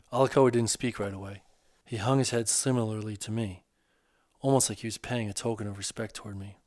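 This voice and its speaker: A man narrating his own first-person novel in a steady, measured way. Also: lowish voice, dry recording, studio quality. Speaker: author and narrator.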